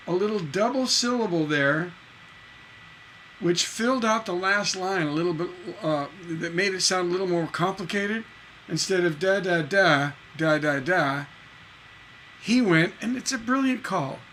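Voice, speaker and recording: Bright, chatty man teaching songwriting. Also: sits high, lively intonation, moderate pace, slight background noise, low-quality recording. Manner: chatty, rambling, repeats words, sings syllables to show rhythm. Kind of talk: casual livestream lesson.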